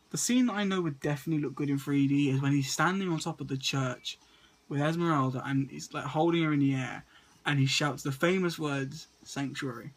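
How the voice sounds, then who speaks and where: Stuttering man reviewing movies. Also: on the high side. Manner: stutters and repeats words often. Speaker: movie vlogger. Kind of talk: casual movie list review.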